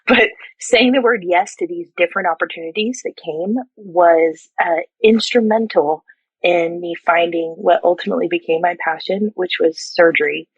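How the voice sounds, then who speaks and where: A middle-aged woman in a podcast interview, telling stories with a husky, lowish voice. She talks in a lively way, laughing and acting out what others said. The audio is dull and bone-dry, like a muffled remote call. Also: no echo. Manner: lively, laughing, acts out quotes. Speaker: surgical technologist and educator, guest. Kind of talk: animated storytelling in a podcast interview.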